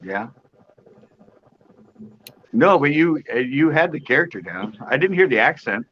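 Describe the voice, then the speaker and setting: An upbeat, chatty man on a live-stream panel who is quick to laugh, heard through dull lo-fi audio. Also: medium pitch, very animated. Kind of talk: casual live-stream chat.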